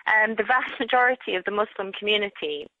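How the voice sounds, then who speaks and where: A woman answers with care and pauses often to find her words. Her voice sits in the middle range. The sound is dry and muffled. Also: medium pitch, no room sound. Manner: careful, hesitant, many fillers. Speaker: debate guest. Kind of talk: radio debate.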